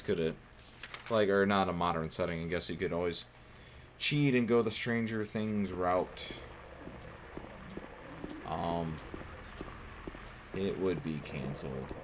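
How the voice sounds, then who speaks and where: A man's voice: low-pitched, background noise. A man streaming a horror game, giving joking casual commentary, talking to the characters and swearing when things go wrong. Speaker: gameplay streamer. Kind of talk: casual let's-play commentary.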